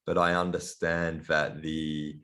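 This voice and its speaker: A man with a very low voice and an accent that blends Australian and European sounds gives a lecture over a video call. He talks in a halting way, full of ums and restarted phrases. He speaks as a middle-aged guest lecturer through a computer mic. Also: little pitch movement, a bit bright. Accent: Australian mixed with European. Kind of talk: online lecture.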